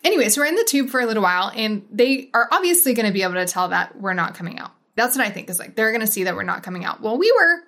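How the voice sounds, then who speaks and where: Animated woman telling a family story. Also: racing, hardly any pauses. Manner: animated storyteller, acts out quotes with big pitch jumps. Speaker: podcast host. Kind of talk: casual storytelling.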